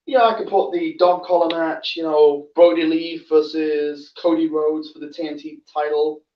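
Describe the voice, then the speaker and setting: A man's voice: a little high, little pitch movement, normal speed, slight background noise. Rambling man, distant in a roomy space. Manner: rambling, self-correcting, many fillers. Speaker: host. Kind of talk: casual awards rundown. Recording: roomy, distant, dull lo-fi sound.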